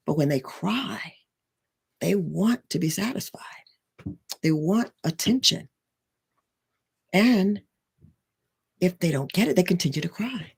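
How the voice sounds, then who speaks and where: A husky-voiced spiritual and life coach teaches in a loose, conversational way. The talk rambles with restarts and constant "right?" check-ins, at a middle pitch. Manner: rambling, full of restarts and tag questions.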